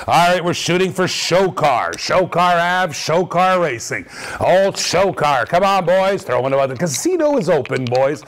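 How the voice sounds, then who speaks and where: Host type: high-pitched man, hyped live-auction caller, repeats himself a lot. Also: moderate pace. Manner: energetic, repetitive hype calls with laughs. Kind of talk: excited live-stream patter.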